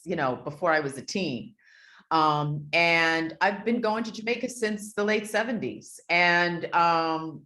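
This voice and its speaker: A woman's voice: lowish voice, a bit bright. A woman from Portland, Maine, a producer guest, speaking earnestly and reflectively in an interview. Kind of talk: casual interview chat.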